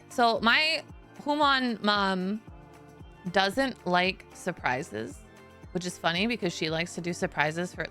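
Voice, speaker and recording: Bright-voiced giggly woman streamer. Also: medium pitch. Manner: giggly, animated, swears casually. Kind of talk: casual storytelling to chat.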